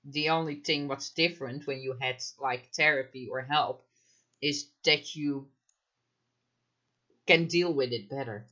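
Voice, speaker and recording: A man's voice: mid-range voice, a little slow, long pauses, sharp tone, dull audio. A man commenting live in a casual chat, emphatic, firing off rhetorical questions and frequent fillers. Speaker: mental health commentator.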